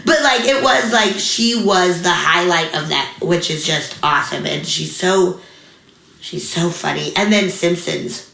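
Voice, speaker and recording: Young female comic guest, low but bright voice, animated storyteller, roomy echo. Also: a little slow, gravelly. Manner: animated, many fillers, acts out quoted voices. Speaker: interview guest, comedian. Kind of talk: casual storytelling interview. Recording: echoey room.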